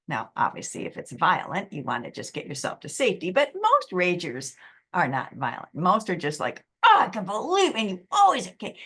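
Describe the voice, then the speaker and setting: A middle-aged woman giving a motivational webinar talk, acting out quotes in an animated way. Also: mid-range voice, breathy edge. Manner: lively, animated, acts out quotes. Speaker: presenter.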